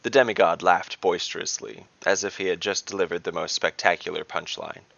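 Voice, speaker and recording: Guy narrating a fantasy story, low gravelly voice, lively, dull dry recording. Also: fairly quick, no room sound. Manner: expressive storytelling.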